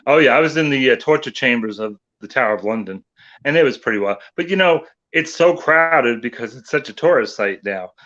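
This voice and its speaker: A male paranormal investigator telling animated anecdotes in casual chat. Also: medium pitch, a little fast, lo-fi sound. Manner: animated anecdote teller, voices others in quotes.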